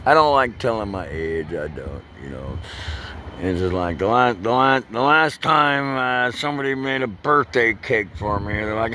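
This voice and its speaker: A man, rambling through a profane, loose vlog monologue that swings between loud bursts and low mutters. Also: lively intonation, unhurried, a little hiss or hum. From United States. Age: 60s. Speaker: vlogger.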